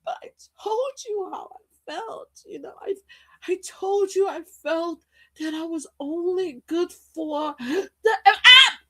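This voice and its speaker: A woman voicing a tearful, heartbroken young woman who pleads in a high, shaky, whispery voice while crying. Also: animated, slow pace, sharp tone, heavily acted. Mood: sobbing, pleading.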